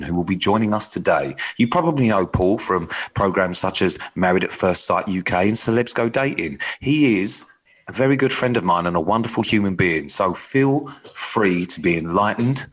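A man co-hosts a radio dating show with a lowish voice that moves a great deal in pitch. He trades dry, teasing jokes and breaks into goofy bits. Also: husky. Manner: teasing, deadpan jokes with bursts of silly singing. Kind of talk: playful banter.

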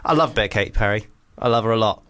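A man's voice: fairly low pitch, rapid-fire, fairly bright tone. A young man co-hosting a radio show in casual banter, rambling and giggling, often stumbling over his words. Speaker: radio co-host.

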